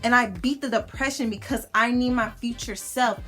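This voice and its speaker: Blunt, slangy high-voiced young woman. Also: moderate pace, fairly bright tone, faint music behind. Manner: blunt, slangy and outspoken, cusses freely. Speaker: vlogger. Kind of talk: casual motivational talk to camera.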